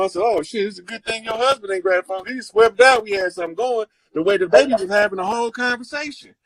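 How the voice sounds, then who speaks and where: A man telling stories in a casual chat, animated and profane, acting out the people he quotes. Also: high-pitched, no room sound, poor audio. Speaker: guest storyteller. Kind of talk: casual storytelling.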